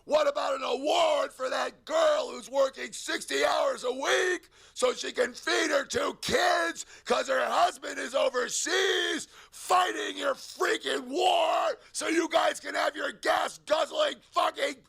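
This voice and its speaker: A man's voice: very high voice, steady tone, slow, creaky, hardly any pauses, a faint crowd, heavily acted. A man playing a crude alien warlord rock frontman, giving a profane, sneering interview. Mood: furious ranting. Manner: profane, sneering, builds into shouted tirades. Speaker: band singer interviewed. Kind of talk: in-character interview rant.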